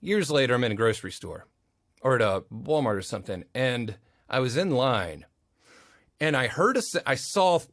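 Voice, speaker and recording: A man's voice: medium pitch, moderate pace, no room sound, clean studio sound. A man guest on a podcast, an audio engineer, telling stories casually and acting out the voices of the people in them. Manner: animated, acts out quoted voices. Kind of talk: casual interview storytelling.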